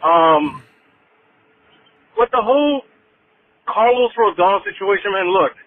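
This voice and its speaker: A man's voice: sits high, sing-song, slow pace. A man calling into a fan show from his car, talking loose and slangy. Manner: loose slangy street talk. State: driving while calling. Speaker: caller. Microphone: phone. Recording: tinny phone line with faint noise.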